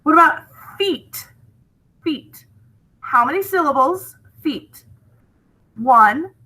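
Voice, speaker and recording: Over poor audio, a woman leads a spelling lesson with lively intonation and a slightly high, bright voice. She goes very slowly and patiently, stretching out each word for her young students.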